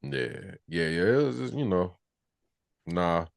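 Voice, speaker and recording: A man with a very low voice talks loosely as co-host of a movie review podcast. The sound is close and dry, with no room around it. He stays relaxed and conversational. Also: takes it slowly, gravelly, no room sound. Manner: animated, acts out movie scenes in high mimicking voices. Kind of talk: casual chat.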